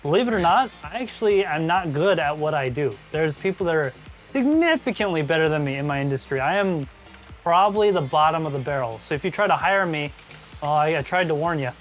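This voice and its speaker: A man's voice: a little high, expressive, brisk, faint music behind. A man hosting a live stream, chatting casually with co-hosts and joking at his own expense. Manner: joking, self-deprecating.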